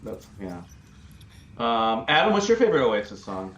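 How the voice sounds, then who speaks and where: A man's voice: medium pitch, sing-song, moderate pace, a bit bright, muffled recording. A man hosting a casual podcast chat, easygoing and asking the others questions. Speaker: podcast host. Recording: roomy echo.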